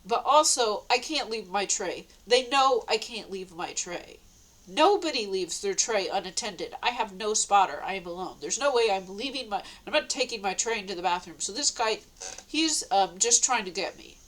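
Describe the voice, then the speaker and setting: Woman vlogger, chatty, halting storyteller who restarts and chuckles a lot. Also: medium pitch, lively intonation, a bit bright, poor audio. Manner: rambling, halting, many restarts and laughs. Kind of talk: casual storytelling to camera.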